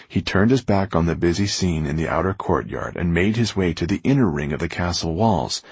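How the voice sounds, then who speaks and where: A man narrating a novel aloud with expressive storytelling. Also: sits low, vocal fry, slightly rough, no echo. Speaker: audiobook narrator. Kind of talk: scripted narration.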